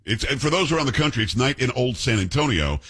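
A man's voice: medium pitch, lively intonation, fast, a bit bright, slightly rough. A man hosting a radio talk show, telling stories bluntly and animatedly, mimicking other people's voices. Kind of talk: casual talk radio banter.

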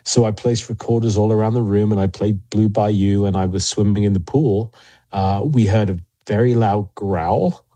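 A man as an interview guest, telling investigation stories in a measured way with frequent pauses and fillers. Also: lowish voice, warm tone, no room sound. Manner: measured, many fillers and restarts. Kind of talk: interview storytelling.

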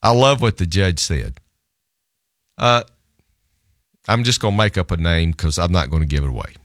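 A male lawyer telling a story in lively conversation, amused at himself and laughing often. His voice sits low but swings widely in pitch. The sound is close and dry, with no room. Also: moderate pace, dry recording.

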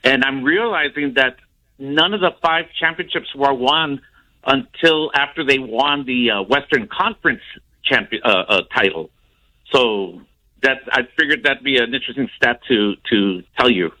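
A man calling in to a sports radio show, explaining a point haltingly with repeats. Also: medium pitch, sharp tone, rough recording. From San Antonio area, United States. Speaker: caller. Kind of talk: casual call-in chat.

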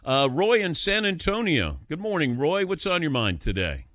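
A man's voice: on the high side, moderate pace, no echo, studio quality. A man hosting a sports call-in radio show, telling stories with chuckles and taking calls. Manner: animated storyteller, chuckles while telling.

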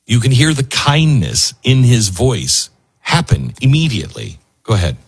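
Husky, dry-voiced talk show host. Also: male voice, medium pitch, big pitch swings, normal speed, no echo. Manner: emotional, rambling, with restarts. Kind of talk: casual talk radio monologue.

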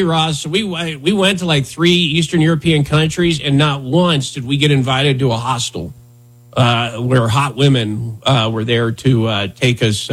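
On a talk radio show, the male host's voice sits on the high side and sounds husky. His riffing is sarcastic, rambling and mock-indignant, all casual comedic banter.

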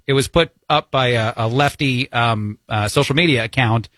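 A man's voice: mid-range voice, fairly bright tone, no room sound. A man with a New Jersey accent filling in as a talk radio host, giving opinionated, chatty commentary with many fillers into a studio mic.

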